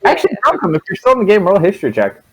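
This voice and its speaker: A young man runs a tabletop game, speaking with a lively, wide-ranging voice. He keeps the talk loose and joking between rolls. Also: high voice, racing, low-quality recording. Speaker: dungeon master. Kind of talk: running a tabletop game stream.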